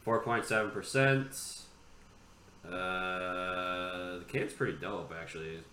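A man co-hosts a relaxed podcast, trading dry, deadpan jokes with casual swearing. His voice sits low in pitch yet sounds sharply bright. The room is echoey, with faint background noise. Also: slow pace. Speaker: podcast co-host. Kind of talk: casual chat.

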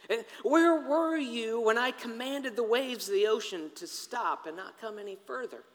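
A man voicing God as a stern deity who questions a mortal, slow and grave, in a large reverberant hall. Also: extremely high pitch.

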